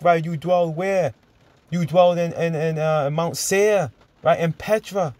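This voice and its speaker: A man preaching and teaching from scripture, emphatic and chuckling, drawing out verses slowly as he reads. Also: a little high, a little mellow, no room sound. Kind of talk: sermon-style Bible teaching.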